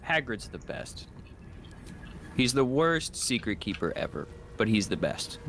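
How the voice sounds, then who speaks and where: A man's voice: fairly low pitch, very animated, a little slow, creaky, a bit bright, slight background noise. A man in casual chat, matter-of-fact, dryly correcting details.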